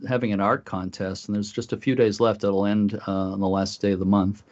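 A man chatting on a radio talk show, speaking haltingly with many fillers as he announces his group's events. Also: lowish voice, little pitch movement, darkish tone. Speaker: lighthouse group volunteer leader. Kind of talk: casual radio chat. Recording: dull lo-fi recording.

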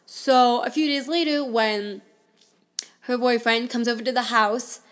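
A woman's voice: on the high side, steady tone, unhurried. A woman in her twenties telling a personal story as a podcast host, in a candid, conversational way full of "like" and "I mean.".

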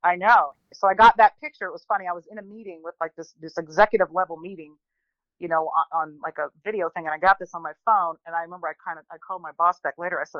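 A woman in her forties, a guest telling a personal story in an animated, chatty way, often restarting and quoting people. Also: lowish voice, very fast, no room sound, lo-fi sound. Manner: chatty, animated, many restarts and quoted voices.

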